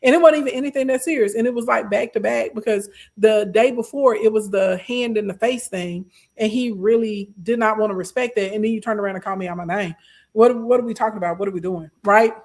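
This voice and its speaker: A young adult woman, casually telling a story to her live stream chat, sassy and animated. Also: mid-range voice, fast. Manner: animated, sassy, acts out quoted voices.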